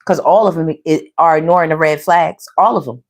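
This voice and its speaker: A woman giving a casual tarot reading, sassy and animated, full of slang and calling the viewers "baby" and "y'all". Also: deep voice, a little fast. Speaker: tarot reader.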